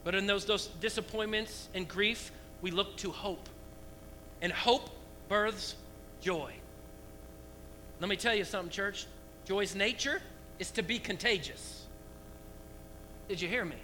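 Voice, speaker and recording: A man preaching a lively sermon to his church, asking the congregation rhetorical questions. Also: very high voice, moderate pace, long pauses, slight background noise, rough recording. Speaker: pastor.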